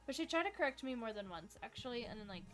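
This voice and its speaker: A young woman with a fairly high voice hosts a livestream trivia game in a chatty, upbeat way. She fills her talk with "like" and asides to viewers. Soft music plays faintly behind her. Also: very animated, quick pace. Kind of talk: casual livestream chat.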